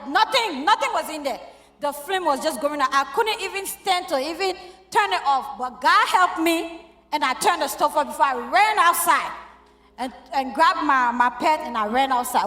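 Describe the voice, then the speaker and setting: Woman, middle-aged, high voice, emotional church testimony recorded in an echoey hall with soft music. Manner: emotional, storytelling with quoted dialogue. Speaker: church member giving testimony.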